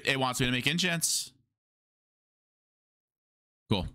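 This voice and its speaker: Bright-voiced young male gamer streamer. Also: lowish voice, expressive, normal speed, pauses often, dry recording. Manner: slangy, talks to chat, hums to himself. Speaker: livestreamer. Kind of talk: casual gaming livestream chatter.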